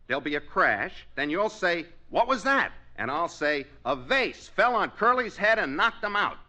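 A man's voice: high voice, bright, forceful tone, exaggerated voice. A man in a 1950s radio sitcom, scheming and explaining his plans.

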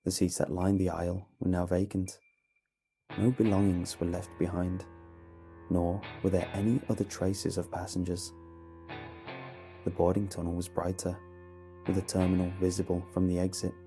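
A man narrating a horror story in a measured, dramatic way over a faint music bed. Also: sits low, little pitch movement.

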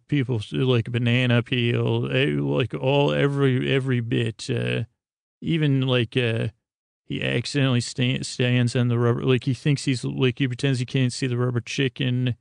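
Rambling man with a gravelly voice. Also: mid-range voice, a little mellow, no room sound, clean studio sound. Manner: rambling, full of fillers and restarts. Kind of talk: narrating a tabletop game.

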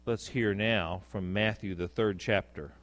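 A male pastor giving a sermon in a conversational way, speaking softly on reflective lines and rising for emphasis. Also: steady tone, measured pace. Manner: conversational preaching, rising with emphasis on key points; drops to a soft, low voice for reflective lines.

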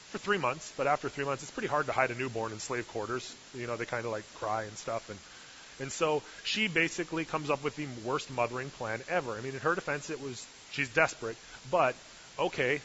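Forceful male preacher, joking sermon. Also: medium pitch. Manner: humorous, sarcastic asides. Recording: dull lo-fi recording with hiss.

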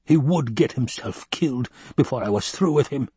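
A man reading an audiobook and voicing a scheming, gluttonous baron, speaking slowly and coldly. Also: expressive, mellow, husky, dry recording. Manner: slow, low, cold and calculating. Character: scheming, gluttonous male baron, cold and wary.

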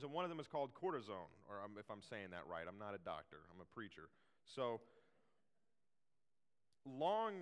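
A man's voice: on the high side, fairly bright tone, clear, resonant tone, long reverb tail. A man preaching a sermon in a casual, chatty way, full of fillers and restarts.

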